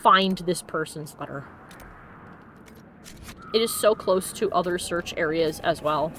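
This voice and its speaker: A woman's voice: fairly low pitch, moderate pace, fairly bright tone, slight background noise. A woman in her thirties from Connecticut, chatting playfully through a let's-play, laughing often and joking with silly wordplay. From Connecticut, USA. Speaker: streamer. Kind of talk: casual let's-play commentary.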